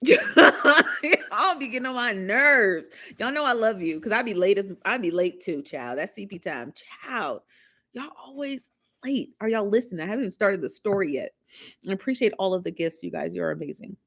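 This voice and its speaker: Hosting a live show, this woman chats casually with her stream, laughing and poking fun at the chat. She speaks fast in a lowish, gravelly, expressive voice.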